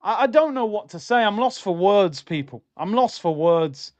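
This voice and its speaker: A man's voice: sits high, lively intonation, normal speed. A young adult man hosting a live football watchalong stream, reacting to the match and reading out chat messages in an exasperated, slangy rant.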